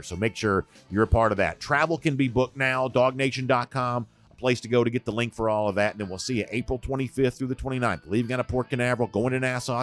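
A man hosting a sports talk show, talking in an animated, conversational way. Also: mid-range voice. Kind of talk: casual sports talk commentary.

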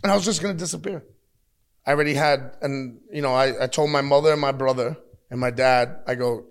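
A man in his thirties, a wrestler giving an interview, talking bluntly and with lots of swearing as he tells animated stories. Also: on the high side, a little fast, gravelly. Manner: blunt, profane, animated storytelling. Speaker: pro wrestler, interview guest. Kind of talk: casual interview talk. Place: at a wrestling show taping.

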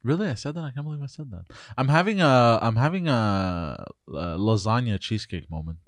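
A man co-hosting a podcast, telling rambling, halting childhood stories in casual chat. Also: mid-range voice, expressive, no echo. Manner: rambling, forgetful, halting storyteller. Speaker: podcast co-host.

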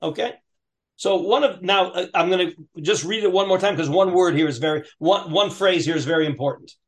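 A man's voice: sits high, fairly quick. A man teaching a Talmud class, reading passages aloud in a lilting chant and then explaining them with frequent restarts and questions to his students. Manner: reads Aramaic text aloud in a singsong lilt, then explains, with many restarts.

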